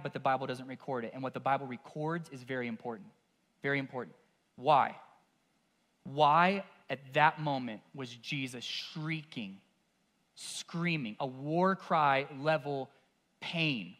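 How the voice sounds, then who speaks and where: A man preaching a sermon as pastor. His delivery is intense and moves from hushed to forceful. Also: a little high.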